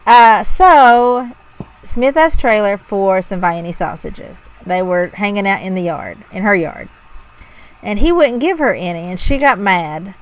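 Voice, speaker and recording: A woman's voice: medium pitch, animated, unhurried, low-quality recording. A woman co-hosting a podcast in casual chat, wry and self-deprecating as she retells odd news stories. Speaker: podcast co-host.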